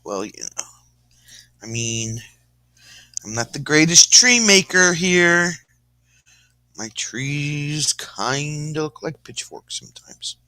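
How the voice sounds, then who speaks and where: A man's voice: on the high side, very animated, takes it slowly, pauses often, pushed and bright, clean tone, no echo. A man giving a casual, joking painting lesson on a live stream, rambling with lots of fillers and breaking into song now and then. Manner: goofy, sings snatches of song, puts on a folksy drawl; rambling, many fillers like "kinda, like". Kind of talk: casual painting demo with jokes.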